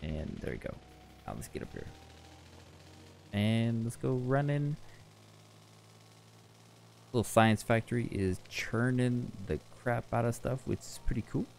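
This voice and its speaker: A man's voice: mid-range voice, animated, unhurried, vocal fry, pauses often, darkish tone, slight background noise. A tired man giving rambling, chatty commentary over his own gameplay, often correcting himself as he goes. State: tired, yawning. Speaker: gaming channel host.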